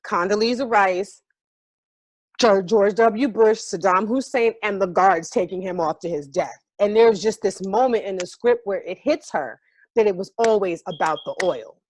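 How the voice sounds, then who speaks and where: In casual storytelling, a New York woman who's a stage actor appears as a guest and recounts a tale vividly, with profanity and emotional openness. Her voice is mid-range, and there's no room sound.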